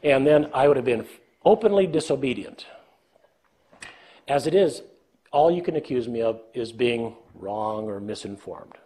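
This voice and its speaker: A man's voice: medium pitch, animated, a little slow, pauses often, dark tone. An older man giving a leadership talk, telling self-deprecating stories and acting out dialogue with a chuckle. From United States. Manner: storytelling, self-deprecating, acts out dialogue with laughs. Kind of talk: conversational lecture with anecdotes.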